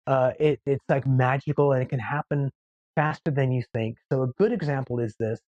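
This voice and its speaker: A man speaking as a guest coach in a podcast interview, telling stories in an animated way and acting out what people say. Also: mid-range voice, normal speed, dry recording, lo-fi sound. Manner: animated storyteller who acts out quoted voices. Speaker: guest, behavior-change coach.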